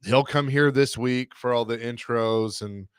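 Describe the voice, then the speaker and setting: A man's voice: mid-range voice, unhurried, clean tone, no echo, studio quality. A man hosting a sports radio show, talking casually and opinionatedly, often restarting his sentences.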